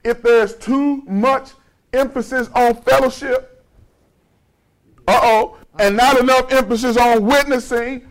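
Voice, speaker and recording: A male preacher voicing the Holy Spirit as a calm male voice that patiently explains things step by step. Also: very high-pitched, slow, pitched above the performer's own voice, heavily acted, rough recording. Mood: instructive.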